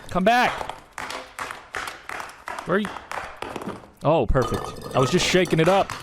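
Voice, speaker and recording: A man's voice: mid-range voice, lively intonation, moderate pace, creaky, long pauses, crowd noise, background noise. A man joking his way through comic reaction commentary on viral videos, playful and exclamatory.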